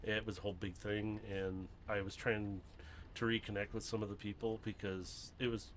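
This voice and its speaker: A man's voice: on the low side, little pitch movement, normal speed, fairly bright tone, a little hiss or hum. A man streaming while he builds a brick model, chatting casually, rambling and laughing often.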